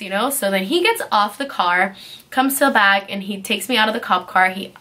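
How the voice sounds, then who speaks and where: A young woman vlogger telling a casual storytime in an animated way, filling her speech with "like" and acting out what people said. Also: mid-range voice, a little fast. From California. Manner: animated, heavy use of "like", acts out quotes.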